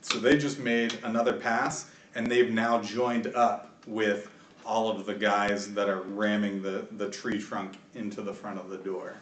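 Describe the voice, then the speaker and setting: A man's voice: on the low side, little pitch movement, a little slow, a bit bright, a little hiss or hum. A man running a tabletop game as game master, narrating loosely with fillers and laughs. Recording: echoey room from far off mic.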